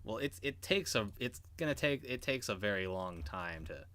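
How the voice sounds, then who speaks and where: A man's voice: fairly low pitch, big pitch swings, normal speed, sharp tone, no echo. A man narrating as game master in an online tabletop game, hesitant and full of restarts. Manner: hesitant, many restarts and fillers.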